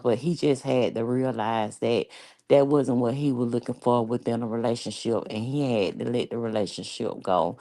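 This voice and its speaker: Low gravelly woman telling a wild story. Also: rough recording. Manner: animated, profane, laughing, slangy. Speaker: vlogger. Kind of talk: casual storytime.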